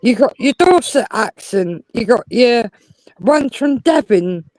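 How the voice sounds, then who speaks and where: Woman, high voice, dry close sound, chatty and explains stuff. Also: animated, slow pace, a little mellow, dry recording, faint music behind, rough recording. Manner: talkative, explains with examples. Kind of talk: casual live-stream chat.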